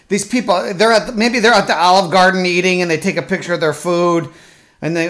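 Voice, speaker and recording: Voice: medium pitch, fast, fairly bright tone. A podcast host ranting sarcastically and with profanity in a solo comedic monologue, rambling along and slipping into mocking voices. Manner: rambling, with fillers and restarts.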